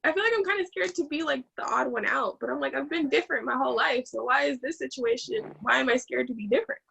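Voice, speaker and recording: A woman's voice: high voice, fast talker, creaky, bright, forceful tone, a little hiss or hum. A woman on a coaching call, talking hesitantly as she works through her thoughts. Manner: hesitant, searching. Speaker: caller.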